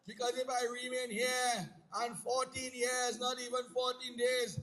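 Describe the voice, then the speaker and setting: A man's voice: very high voice, flat delivery, measured pace, sharp tone, exaggerated voice, low-quality recording. A man voicing a noble, dutiful prince who speaks firmly and reassures his family. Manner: firm, reassuring. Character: noble dutiful male prince, calm elder brother.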